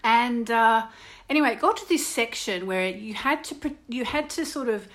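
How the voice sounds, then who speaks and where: A woman's voice: on the high side, moderate pace. A woman with an Australian English accent, hosting an astrology radio show in a casual, chatty way and telling stories. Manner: chatty, storytelling, laughs often, animated.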